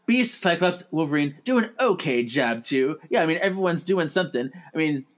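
A man co-hosting a casual podcast, playful and quick to laugh. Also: a little high, lively intonation. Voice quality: playful, quick to laugh, does silly voices. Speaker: podcast co-host.

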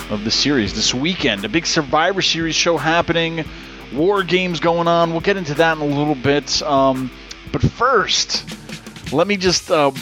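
A man's voice: fairly high pitch, bright, forceful tone. A man hosting a podcast in casual chat, rambling and swearing freely. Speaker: podcast host.

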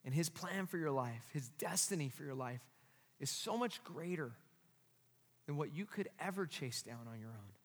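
Male pastor, high bright sermon delivery, emphatic, long hall reverb. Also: animated, normal speed. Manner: emphatic preaching, with tag questions to the congregation.

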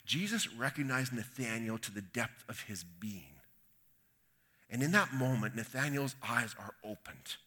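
A man's voice: medium pitch, pushed and bright. A man from Canada preaching a conversational sermon, retelling a Bible story with folksy asides and quoted voices. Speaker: pastor.

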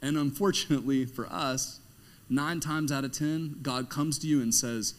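A man, the pastor, preaching a sermon in a conversational, emphatic way, swinging between hushed moments and loud, animated ones and asking the congregation rhetorical questions. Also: medium pitch, moderate pace.

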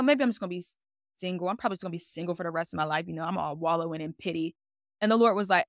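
A woman's voice: on the low side, brisk, no echo, studio quality. Chatty woman hosting a faith podcast. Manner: casual, chatty and expressive, acting out her own quoted words. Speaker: podcast host.

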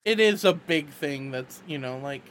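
A woman co-hosting a casual podcast chat, animated and quick to laugh, with lots of filler words. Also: low voice, a little hiss or hum. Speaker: podcast co-host.

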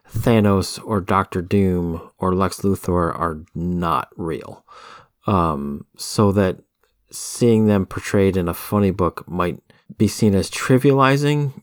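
Deep-voiced man musing on comics. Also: darkish tone, no echo, clean studio sound. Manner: measured, thoughtful, with frequent ums. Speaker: podcast co-host. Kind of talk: casual chat about comics.

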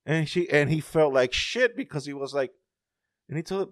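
Profane, animated man chatting. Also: fairly high pitch, moderate pace, no echo, clean studio sound. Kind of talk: casual chat.

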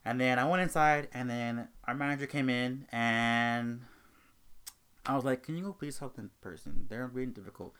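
A young man hosting a casual talk show, telling an animated story about a rude customer and acting out both sides of the argument. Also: medium pitch, normal speed, smooth. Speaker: host.

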